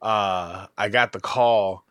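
Podcast co-host, male, low-ish voice, rowdy storyteller who acts out every quote. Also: slow pace, smooth, dry recording, studio quality. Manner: animated, acts out quotes with big pitch jumps; loose and profane. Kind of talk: casual storytelling.

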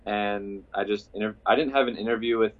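A man's voice: on the low side, steady tone, brisk, phone-quality sound. A man in his twenties from Iowa, a college senior talking casually as a podcast guest. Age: 20s.

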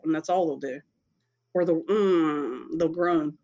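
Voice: medium pitch, slow, warm tone, highs cut off. A speaker telling a personal story in a casual, rambling way, often breaking into laughter. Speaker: storyteller sharing a personal experience.

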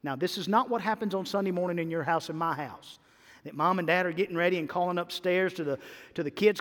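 A male pastor preaching in a church sanctuary with a high, bright-pitched voice. His delivery swings from loud, emphatic bursts to quiet, stretched-out lines. A long reverb trails every phrase. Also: fast talker. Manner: animated preaching with sudden loud and soft swings. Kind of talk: sermon.

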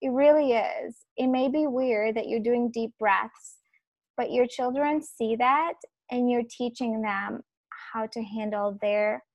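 A woman in her thirties, a parenting coach for mothers, speaking earnestly in a podcast interview and softly repeating calming phrases. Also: fairly high pitch, measured pace, no room sound, muffled recording. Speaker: guest, parenting coach for moms.

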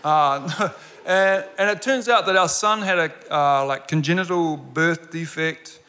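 Man in his 40s, pastor, bright forceful voice, earnest sermon delivery with emphatic repeats, long hall reverb. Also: on the high side, measured pace. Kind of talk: sermon with personal story.

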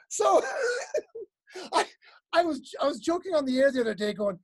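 A woman's voice: very high voice, moderate pace, shouting. A woman comedian chatting casually, telling stage stories and acting out voices with laughter. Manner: animated, acts out voices with laughter.

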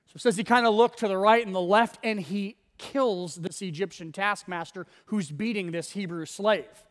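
A man's voice: sits high, normal speed, in a large hall. A man preaching a sermon as pastor, retelling the story in a casual, conversational way.

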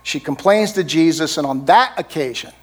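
Conversational pastor preaching, slightly high voice. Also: male voice, animated, normal speed, breathy edge. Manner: conversational, frequent "right?" tag questions. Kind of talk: sermon.

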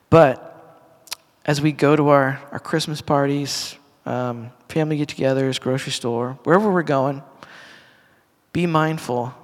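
A man's voice: mid-range voice, steady tone, unhurried. A middle-aged man, a pastor, giving a casual, earnest sermon to a congregation in a church hall, talking conversationally with restarts and asides. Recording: long reverb of a church hall.

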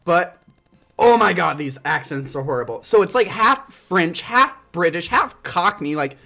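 An animated woman from Indiana co-hosts a casual movie chat, laughing often. Her voice is bright and sharp, and her pitch moves a lot. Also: unhurried, gravelly. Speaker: podcast co-host.

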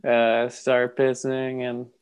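A man's voice: medium pitch, monotone, slow pace, clean tone. A man casually improvising an absurd comic story with a friend on a podcast. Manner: improvises absurd stories, acts out quoted voices. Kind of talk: casual comedic riffing.

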